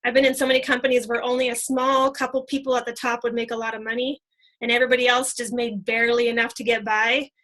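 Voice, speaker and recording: Bright, high-voiced excited woman. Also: fast talker, low-quality recording. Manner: excited, chatty, full of fillers. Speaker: team leader. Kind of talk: casual team training talk.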